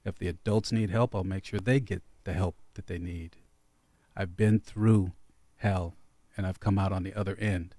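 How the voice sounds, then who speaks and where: A man who is a radio show guest, giving an earnest, heartfelt personal statement in a halting way. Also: low voice, steady tone, mellow, dry recording. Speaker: school board candidate guest. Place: radio studio.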